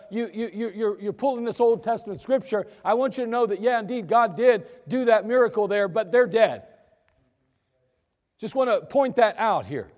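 A man preaching from the pulpit with a high, light voice and a loose, conversational delivery. His words trail off into a long church reverb. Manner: conversational, animated storytelling. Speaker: pastor. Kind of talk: sermon. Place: church sanctuary.

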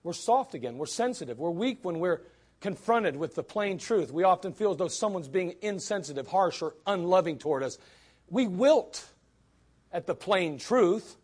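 A man preaching with a bright, high voice that leaps up and down as he drives home his points. He talks bluntly and emphatically. He keeps firing rhetorical questions at his listeners. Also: slightly rough. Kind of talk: sermon.

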